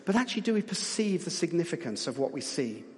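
A man's voice: a little high, very animated, fast, breathy edge. A man preaching to a congregation, chatty and jokey, coaxing people to call out guesses. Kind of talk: lively church talk with audience guessing. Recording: long hall reverb.

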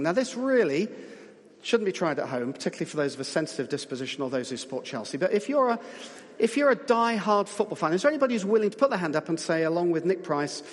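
A man preaching to a congregation, chatty and jokey, coaxing people to call out guesses. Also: high voice. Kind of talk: lively church talk with audience guessing. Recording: long hall reverb.

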